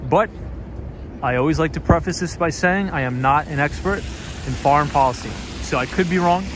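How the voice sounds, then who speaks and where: A man's voice: on the high side, moderate pace. A man hosting a casual live stream while walking outdoors on busy city streets, chatting and answering viewer comments into a handheld phone. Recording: city street noise behind. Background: city street traffic noise.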